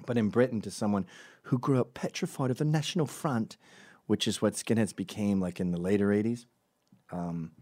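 A man's voice: fairly low pitch, normal speed, a little mellow, no echo, studio quality. A middle-aged man hosting a comedic opinion monologue, sardonic and profane, often mocking people in put-on voices. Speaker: commentary show host.

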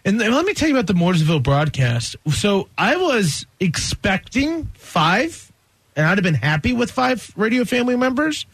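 A man with a Southern US accent, co-hosting a morning radio show in casual, excitable banter, laughing often as he tells stories. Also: high voice, normal speed, slightly rough, dry recording. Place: radio studio.

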